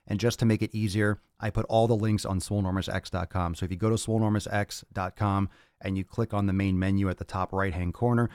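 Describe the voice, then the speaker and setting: A man's voice: low-pitched, steady tone, a little fast, darkish tone, smooth, dry recording, studio quality. A man hosting a casual fitness podcast, blunt and crude, joking and repeating himself as he rambles. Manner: repeats phrases, restless rambling delivery. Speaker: podcast host.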